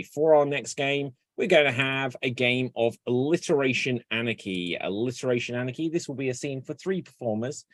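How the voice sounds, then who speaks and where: A man's voice: mid-range voice, no room sound. Brief: male improv emcee on a video call, snappy prompting, dry close sound. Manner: brisk, upbeat, auctioneer-like prompting. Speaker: improv host. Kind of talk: emceeing an online improv game.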